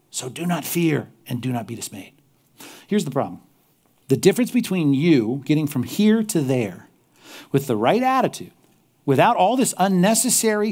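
A male pastor preaching a sermon, reading scripture aloud with lively swings between loud emphasis and quiet intensity. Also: on the high side.

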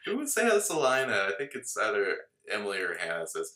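A man's voice: fairly low pitch, wildly swooping pitch, brisk, bright, forceful tone. A man co-hosting a podcast in casual chat, musing analytically and laughing often. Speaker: podcast co-host. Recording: roomy echo.

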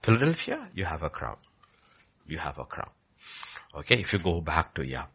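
A man preaching with a husky, gravelly voice and a very lively, up-and-down delivery. He repeats key lines for emphasis, sometimes pressing hard and loud, sometimes dropping low and quiet. The voice sits fairly low. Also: moderate pace. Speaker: pastor. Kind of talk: sermon.

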